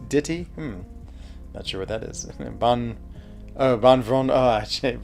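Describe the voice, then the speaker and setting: A man's voice: medium pitch, unhurried, gravelly, darkish tone, faint music behind. A man chatting casually while streaming a mobile game, thinking aloud, answering chat and laughing easily. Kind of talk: casual live gameplay commentary.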